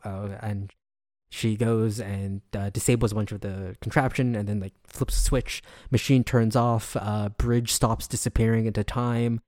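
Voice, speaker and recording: Low-voiced man recapping an episode casually. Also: level tone, normal speed, darkish tone, no room sound, studio quality. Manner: rambling, filler-heavy retelling. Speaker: podcast co-host.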